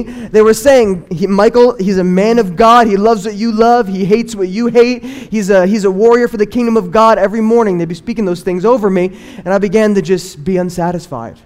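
A young man giving an earnest personal faith testimony, telling his story and acting out what people said in lively bursts. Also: sits high. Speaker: testimony speaker.

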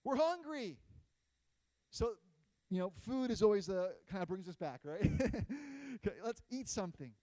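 Guy preaching a sermon, high voice, dry close sound, acts out the story loud then soft. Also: normal speed, no echo, rough recording. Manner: animated storytelling, acting out quotes in shifting loudness. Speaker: pastor.

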